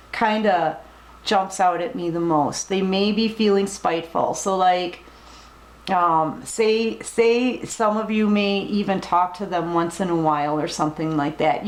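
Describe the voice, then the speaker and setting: Woman doing a tarot reading, slow soft reassuring talk, kinda echoey room. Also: medium pitch. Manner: gentle, reassuring, emotional, talks directly to the viewer. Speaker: tarot reader. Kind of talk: collective tarot reading to camera.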